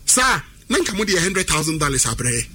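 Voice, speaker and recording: A man with a Ghanaian accent giving animated sports talk, emphatic and repetitive, drifting into a sing-song delivery. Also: on the high side, moderate pace, husky. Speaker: sports pundit. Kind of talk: animated sports talk mixing Twi and English.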